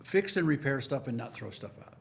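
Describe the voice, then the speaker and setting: Gravelly older man telling stories. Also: mid-range voice, brisk. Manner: animated, rambling storyteller. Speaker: guest. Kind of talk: casual banter.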